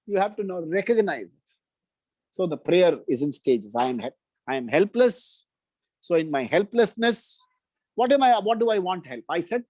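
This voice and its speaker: A man, giving a spiritual discourse full of stories, often slowing to stress his lessons. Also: sits high, animated, a little mellow, no room sound, low-quality recording. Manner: slow emphatic storytelling with quoted dialogue. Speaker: spiritual teacher. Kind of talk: storytelling discourse.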